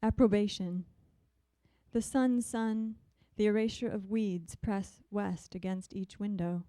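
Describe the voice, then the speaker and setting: A woman poet reading her poems in a measured, deliberate way, with soft, hesitant asides between them. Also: mid-range voice, steady tone, no echo. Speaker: visiting poet. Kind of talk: poetry reading.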